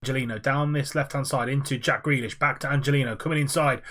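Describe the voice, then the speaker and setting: A young man giving play-by-play football commentary over his own video game matches, quick and fluent with frequent "uh" fillers. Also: mid-range voice, steady tone, a bit bright.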